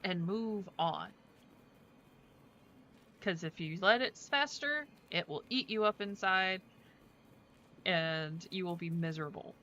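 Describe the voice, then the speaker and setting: A woman's voice: lowish voice, slow, pauses often, sharp tone, dull audio, slight background noise. A woman streaming a game, chatting casually in a rambling way full of fillers. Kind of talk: casual chat while playing a game.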